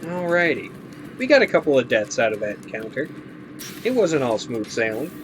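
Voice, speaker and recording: A man's voice: medium pitch, sing-song, moderate pace, music in the background. A man streaming a video game, giving casual commentary that turns sarcastic and profane. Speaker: gaming streamer. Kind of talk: let's play commentary.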